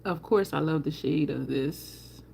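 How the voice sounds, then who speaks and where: A woman's voice: sits low, measured pace, gravelly, a little mellow, a little hiss or hum. A woman hosting a casual livestream, chatting with viewers and answering their comments while she does her makeup. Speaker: livestream host.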